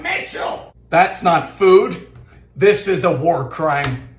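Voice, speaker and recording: A man hosting a comedic cooking video in his home kitchen, firing off theatrical deadpan quips. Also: fairly high pitch, slow, roomy sound, a little hiss or hum.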